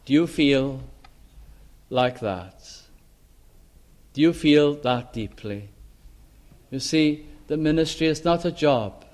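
An older man from Wales giving an earnest sermon testimony, pleading with his hearers and dropping to a hush on solemn words. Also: on the high side, expressive, takes it slowly, pauses often. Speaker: preacher.

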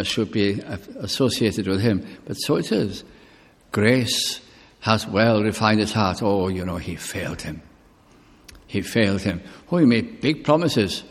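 A man preaching a sermon in an earnest, questioning manner, speaking straight to each listener. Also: fairly low pitch. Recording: long reverb of a hall.

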